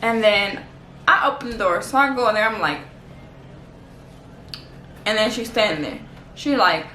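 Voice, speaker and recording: A woman's voice: medium pitch, animated, normal speed, long pauses, bright, forceful tone, slight background noise. A woman from Los Angeles telling a casual storytime vlog in a chatty, slangy way, saying "like" a lot. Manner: chatty, slangy, heavy use of "like". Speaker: vlogger. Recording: echoey room.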